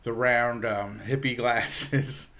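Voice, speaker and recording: A man hosting a casual book review, talking in a relaxed, halting way with lots of ums and uhs and frequent chuckles. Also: medium pitch. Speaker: book reviewer, channel host.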